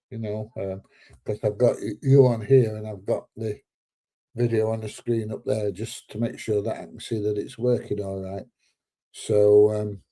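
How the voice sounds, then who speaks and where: A man's voice: lowish voice, dark tone. A man hosting a casual livestream, chatting loosely and reading viewer comments aloud while recovering from illness. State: recovering from illness, slightly short of breath. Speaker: livestream host.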